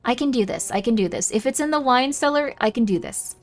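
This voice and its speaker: This is casual livestream talk from a young woman gaming on stream, chatty with her audience and muttering to herself as she goes. Her voice is highish, expressive, and fairly quick, and she reacts aloud to what chat says.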